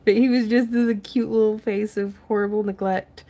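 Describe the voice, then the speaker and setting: A woman's voice: mid-range voice, steady tone, moderate pace, hardly any pauses, warm tone. A young woman hosting a casual craft tutorial livestream, chatting, laughing often and reading viewer comments aloud as she works.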